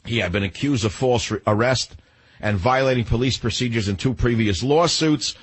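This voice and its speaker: An older man hosts a talk radio show, his husky voice pressing every point. He talks in an emphatic, combative monologue, plainly outraged. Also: medium pitch, normal speed.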